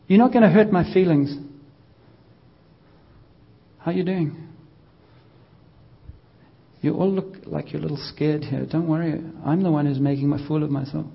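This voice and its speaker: A man leading a casual church healing session, gently coaxing and joking with the congregation. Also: fairly high pitch, moderate pace, vocal fry, long pauses, breathy edge, muffled recording. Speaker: pastor leading healing prayer.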